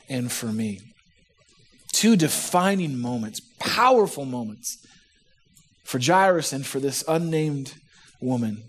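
Guy giving a sermon, kinda high voice, chatty and funny, acts out the lines. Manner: conversational, humorous, acts out quotes. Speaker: pastor.

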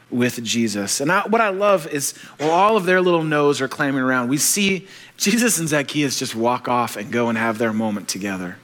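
A man preaching a sermon, animated and joking, acting out the voices of the people he quotes. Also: mid-range voice. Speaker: pastor.

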